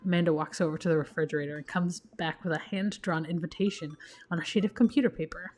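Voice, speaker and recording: Lady narrating a dating sim let's play, playful, bit low voice. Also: fairly even intonation, quick pace, a little mellow, faint music behind. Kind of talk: reading a visual novel aloud.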